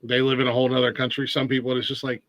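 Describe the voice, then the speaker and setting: A man's voice: mid-range voice, completely flat delivery, racing, fairly bright tone, dry recording. A man from Ohio hosting a casual podcast interview, rambling with many restarts and fillers. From Ohio, USA. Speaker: podcast host.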